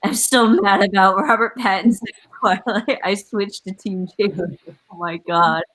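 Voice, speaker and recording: A woman's voice: mid-range voice, steady tone, normal speed, a bit bright, rough recording. Giggly, rambling woman on a video call. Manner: giggly, rambling with many fillers. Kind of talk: casual chat.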